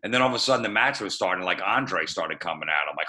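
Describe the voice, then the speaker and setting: A middle-aged man with a lowish voice and a bright, forceful edge tells a story on a podcast. He talks in a profane, deadpan way and slips into the voices of the people he quotes. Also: quick pace. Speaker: guest comedian.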